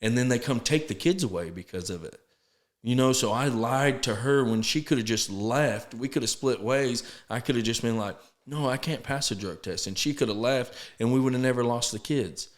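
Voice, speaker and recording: A man, a podcast guest telling his story in an earnest, halting way, often restarting and acting out quotes. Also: mid-range voice. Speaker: podcast guest, sober living founder. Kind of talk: casual storytelling interview.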